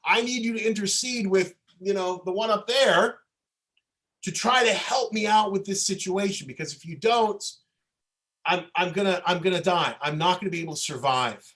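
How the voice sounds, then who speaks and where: A man reading as a grieving young wife, desperate and pleading, high-pitched voice. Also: normal speed, fairly bright tone. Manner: pleading, insistent.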